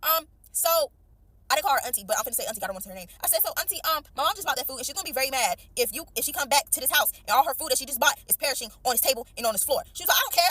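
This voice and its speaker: Fast-talking young woman telling a story. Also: sits high, no echo. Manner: animated, slangy, acts out quoted lines. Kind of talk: casual storytime.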